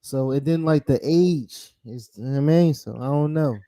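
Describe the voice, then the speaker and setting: A man's voice: medium pitch, normal speed, warm tone, dry recording. A man hosting a casual sports talk stream, laid-back and rambling. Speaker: podcast host.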